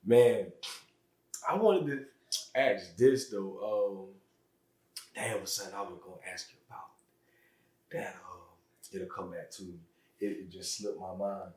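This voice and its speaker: A laid-back man hosts a podcast, slangy and quick to laugh. His voice sits a little low. The room carries a roomy echo. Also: darkish tone. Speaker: podcast host. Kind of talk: casual interview chat.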